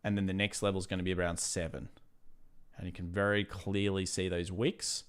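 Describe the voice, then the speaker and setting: Male stream host, low smooth voice, loose and chatty with sudden heated tangents on market commentary. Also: level tone, a little fast. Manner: casual, chatty, drifts into fired-up rants. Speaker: trading livestream host. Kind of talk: live market chart commentary.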